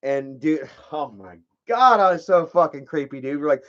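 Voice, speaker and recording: A man's voice: on the high side, expressive, moderate pace, fairly bright tone. A young man telling a rambling, profane story to his viewers in casual chat. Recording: dull lo-fi stream audio.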